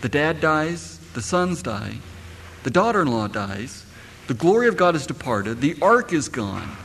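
A man's voice: a little high, big pitch swings, a little slow, creaky, fairly bright tone, slight background noise. A middle-aged man, a pastor, preaching a sermon and firing rhetorical questions at his congregation. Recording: echoey hall, faint ambience.

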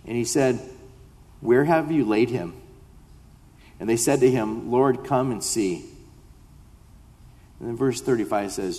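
A man gives a sermon, reading scripture and then unpacking it in an easy conversational way before rising into heartfelt pleading. His voice sits at an ordinary middle pitch. The sound carries a long reverb, like a large church hall. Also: moderate pace, darkish tone. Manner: reads scripture then explains it conversationally, rising to impassioned pleas. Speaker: pastor. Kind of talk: expository sermon.

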